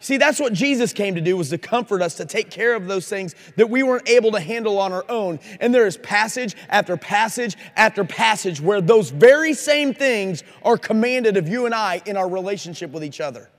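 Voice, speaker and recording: At a Christian conference, a man preaches an earnest, challenging sermon, putting direct questions to his listeners. His voice is high-pitched, animated and a little fast with few pauses, recorded live in a reverberant conference hall.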